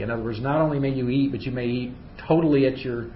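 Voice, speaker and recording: A man leading a Bible study who reads scripture aloud and then explains it in loose, chatty asides. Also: fast talker. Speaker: Bible teacher. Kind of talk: conversational Bible study teaching. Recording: roomy, dull recording with faint rumble.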